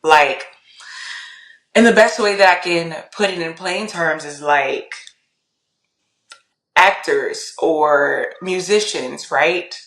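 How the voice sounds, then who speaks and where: A woman guest on a podcast telling her faith story in a lively, casual way, acting out her own thoughts and laughing often. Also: deep voice, takes it slowly, pauses often, reverberant. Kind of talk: casual testimony.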